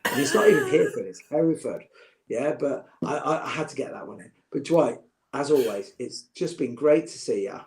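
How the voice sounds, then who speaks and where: A man's voice: medium pitch, animated, a little fast. A middle-aged man, chatting as a podcast guest, joking and heartfelt by turns. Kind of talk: casual chat.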